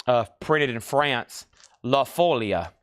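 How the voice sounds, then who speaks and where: A man's voice: medium pitch, animated, takes it slowly, no echo. A man hosting a live record sale, chatty, rattling off titles and prices between side stories.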